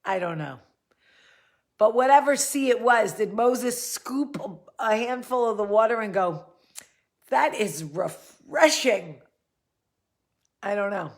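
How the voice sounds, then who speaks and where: A woman with a New Jersey–New York accent hosts a loose storytelling chat. She is a bit tipsy and slow-paced, and she drifts into jokey, off-the-cuff asides. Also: fairly high pitch. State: tipsy from drinking. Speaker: host. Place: indoors, seated in a chair.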